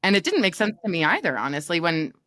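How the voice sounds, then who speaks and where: A woman's voice: on the low side, very animated, fast talker, a bit bright. A woman in her thirties from New York, chatting as a guest, teasing and laughing often. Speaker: guest, business partner. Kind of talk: casual chat.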